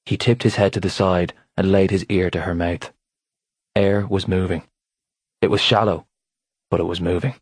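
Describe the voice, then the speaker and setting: A man giving a measured, steady reading of a novel as its narrator. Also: low-pitched, slightly rough, no room sound. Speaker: audiobook narrator. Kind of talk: scripted narration.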